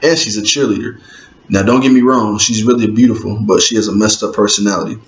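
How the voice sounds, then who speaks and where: A man's voice: on the low side, fairly even intonation, quick pace. A man from Indiana reading his own novel aloud in a laid-back, conversational way, with street slang and asides to listeners. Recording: roomy, dull lo-fi with faint hiss.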